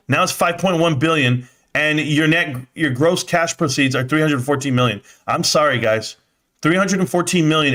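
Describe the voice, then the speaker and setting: A man's voice: a little high, a bit bright. Exasperated man ranting on a livestream. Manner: exasperated ranting, swearing, voice jumping up in disbelief. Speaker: livestream host. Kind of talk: live stock commentary reading chat.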